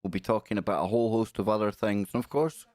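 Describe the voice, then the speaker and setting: A man's voice: on the low side, fairly even intonation, fast, dry recording, clean studio sound. Rambling man hosting a live stream. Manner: rambling, friendly shout-outs to chat. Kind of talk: casual live stream chat.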